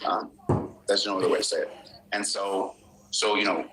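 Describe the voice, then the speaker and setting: A man talks quickly and frankly as an interview guest, his voice fairly low yet bright and forceful. A faint hiss sits under the recording. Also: little pitch movement, rough recording. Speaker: filmmaker guest in an interview clip.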